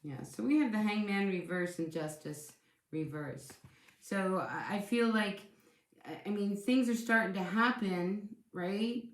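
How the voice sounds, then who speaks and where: A woman talks through a tarot spread in a loose, chatty way, often doubling her words as she restarts. Her tone is reassuring and her voice sits in a middle pitch. She is recorded in a room with a noticeable echo. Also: unhurried. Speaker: tarot reader. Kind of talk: casual tarot reading.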